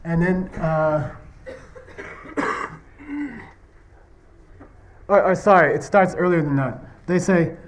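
Male Buddhist teacher, slightly high voice, chatty lecture, constant "okay?" check-ins. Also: animated, slow pace, pauses often, slight background noise. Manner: repeatedly checks understanding with "okay?" and "you see what I mean?"; tells stories, acting out question-and-answer exchanges. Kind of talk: conversational classroom lecture.

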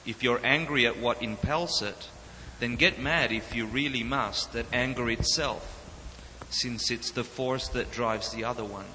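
A man reading a verse text aloud in a formal, measured way. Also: mid-range voice. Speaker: verse reader. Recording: reverberant hall with faint noise.

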